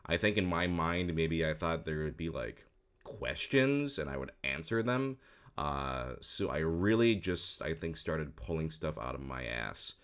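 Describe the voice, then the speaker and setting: A man's voice: sits low, animated, moderate pace, clear, resonant tone. A man who works as a voice actor, reacting casually to an old video of himself. He rambles frankly with lots of fillers, restarts and dry, self-mocking remarks. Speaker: voice actor and host.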